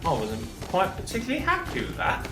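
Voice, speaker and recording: A man's voice: sits high, huge pitch swings, a little fast. A man hosting a gaming channel who gives casual gameplay commentary, chatting, joking and reacting aloud to the game. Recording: echoey room with game music.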